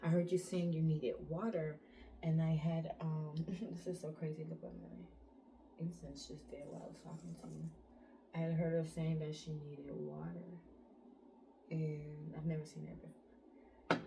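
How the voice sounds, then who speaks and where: Vlogger woman, low mellow voice, animated storytime delivery, faint hiss behind. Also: normal speed, vocal fry. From United States. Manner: animated retelling, acts out quotes, frequent "like" fillers. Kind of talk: casual storytime vlog.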